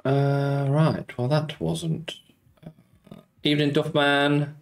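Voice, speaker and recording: A man's voice: a little high, level tone, takes it slowly, creaky. A man streaming casino slots, chatting casually and greeting viewers by name as he banters about football. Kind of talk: casual live-stream chat.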